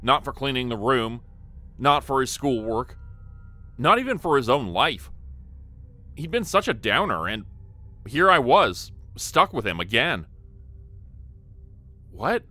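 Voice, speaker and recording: A man's voice: medium pitch, very animated, measured pace, pauses often, sharp tone, no echo. A man narrating a first-person horror story in an earnest, scripted telling.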